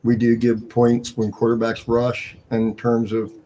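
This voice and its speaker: A man of ordinary pitch explaining fantasy football scoring in a loose, rambling way, restarting his sentences as he goes. Faint noise sits under his voice. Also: monotone, a little slow, dark tone. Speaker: fantasy football league commissioner. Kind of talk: casual live-stream chat.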